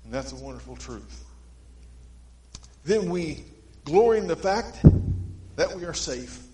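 A man preaching a sermon, his voice a bit higher than most men's. He tells folksy stories, swinging from emphatic to hushed. The sound is roomy and echoey, like a church. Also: lively intonation, measured pace.

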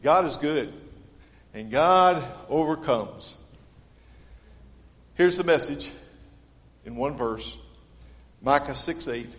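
A man preaching a sermon in an earnest, dynamic way, his voice sitting a little higher than most men's. He moves from ringing appeals down to hushed, low lines. The sound carries a long reverb, as in a church sanctuary. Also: animated, slow pace, long pauses. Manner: earnest, dynamic delivery swinging from loud to hushed. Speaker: pastor.

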